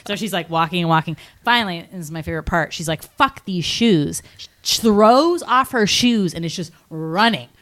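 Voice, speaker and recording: A woman co-hosting a podcast, telling a film's plot in a chatty, animated way with lots of "like" and acted-out quotes. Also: fairly low pitch, brisk, few pauses. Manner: animated storytelling with many likes and acted-out quotes. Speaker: podcast co-host. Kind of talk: casual movie recap chat.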